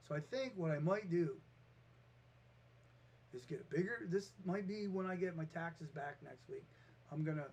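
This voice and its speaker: A man with a fairly high voice talks off the cuff in a vlog. He rambles, trips over his starts and throws himself into acting out every back-and-forth. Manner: rambling, animated, restarts and acts out quotes. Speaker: vlogger. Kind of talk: casual storytelling monologue.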